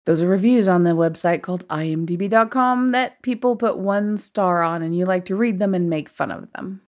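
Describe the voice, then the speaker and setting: A woman co-host with a slightly low voice chats casually about a film. She teases her partner with dry, sarcastic asides and deadpan quips. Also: normal speed. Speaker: podcast co-host reviewing films. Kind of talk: casual chat.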